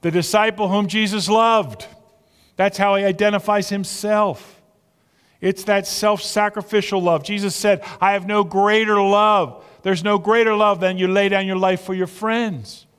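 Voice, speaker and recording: A man's voice: high voice, fairly even intonation, a little slow, fairly bright tone, smooth. A man preaching a sermon as pastor, earnest and conversational, often repeating words as he goes. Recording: long reverb of a large hall.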